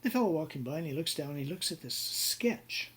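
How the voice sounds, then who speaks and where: A man's voice: a little high, animated, fairly quick, fairly bright tone, breathy edge. A man giving a conversational university lecture on contracts, with many fillers and acted-out examples. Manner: conversational with frequent fillers and role-played examples.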